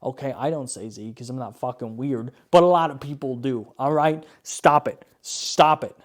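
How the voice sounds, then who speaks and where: Speaking at normal speed with a medium-pitched voice, a Canadian man hosts a video ranting about bad ads. It's profane, exasperated reaction commentary full of swearing and repeated "okay?"s.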